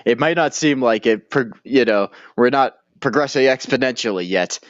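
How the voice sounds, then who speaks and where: A man co-hosting a casual podcast who speaks at mid pitch. He is laid-back and rambling, and laughs often. The recording is dull and dry. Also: normal speed, dry recording. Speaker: podcast co-host. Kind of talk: casual chat.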